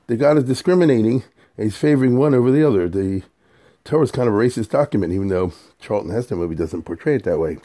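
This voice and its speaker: A man with a mellow, warm tone gives a casual scripture lesson. He talks in a relaxed, conversational way and translates Hebrew verses into everyday English as he goes. He sometimes restarts a phrase and repeats a word before moving on. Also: fairly low pitch, fast. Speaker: Torah teacher.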